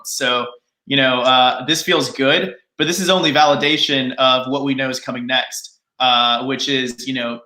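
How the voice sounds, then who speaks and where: A man's voice: medium pitch, bright, forceful tone. A man speaking as a panel guest, earnest and evangelizing. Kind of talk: casual panel chat. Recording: echoey room.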